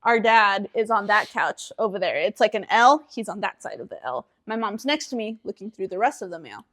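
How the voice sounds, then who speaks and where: A young woman co-hosting a podcast, telling a family story in a casual, animated way, acting out voices and laughing. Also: mid-range voice, fairly quick. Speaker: podcast co-host.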